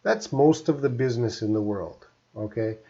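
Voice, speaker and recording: A middle-aged Canadian man with a Canadian English accent, teaching English on a live stream in a relaxed, explanatory way. His voice sits in an ordinary middle pitch. The audio is a bit dull and lo-fi. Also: moderate pace. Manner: chatty and explanatory, often answering viewers' questions.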